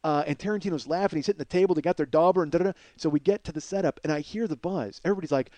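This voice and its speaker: A man telling a story as podcast host in an animated, profane, energetic way. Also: a little high, very fast, hardly any pauses, dry recording.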